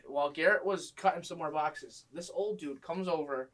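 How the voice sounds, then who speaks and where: A man telling funny stories from his old job in casual chat, animated and swearing freely. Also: fairly high pitch, moderate pace, far from the mic. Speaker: guest storyteller.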